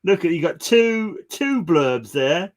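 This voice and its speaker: A man's voice: sits high, lively intonation, slow. A man, chatting casually and jokily as a comic collector co-host and often restarting mid-sentence. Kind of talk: casual chat.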